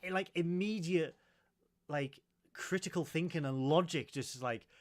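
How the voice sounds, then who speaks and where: Male podcast co-host, slightly raised pitch, animated retelling with quotes. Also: measured pace. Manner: animated, retells scenes with quoted lines, laughs often. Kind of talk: casual chat reviewing a film.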